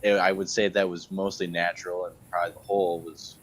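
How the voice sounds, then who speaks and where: A man with a very deep voice, talking in a relaxed, musing way on a live stream. He lays out his ideas at length and without hurry. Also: fast. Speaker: co-host of a live paranormal show. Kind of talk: casual live-stream chat.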